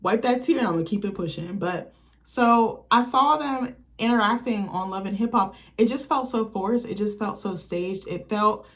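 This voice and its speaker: A woman's voice: medium pitch, normal speed. A woman talking straight to camera as a vlogger, giving blunt, candid and profane opinions in a loose, chatty way. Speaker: vlogger, channel host. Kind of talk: casual opinion commentary.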